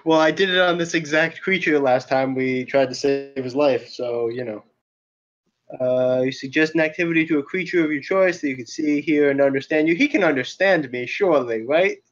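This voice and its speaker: A man's voice: a little high, normal speed, dull audio. A man playing a tabletop game online, chatting casually, thinking aloud over the rules and laughing often. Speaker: player. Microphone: voice chat over internet.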